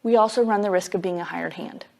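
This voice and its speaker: A woman's voice: lowish voice, fast, vocal fry, a little mellow. A woman Bible teacher giving a conversational sermon, casual and emphatic, dropping frequent "like" fillers as she explains.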